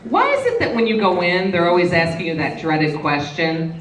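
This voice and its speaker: A woman's voice: on the low side, huge pitch swings, moderate pace. Brash fifty-something woman comic, live in a reverberant reception hall, heard from a distance over audience laughter. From Wisconsin. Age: 50s. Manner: brash, bawdy, conspiratorial with the audience. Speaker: stand-up comedian. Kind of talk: stand-up comedy set. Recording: echoey hall, distant mic, loud crowd laughter and noise.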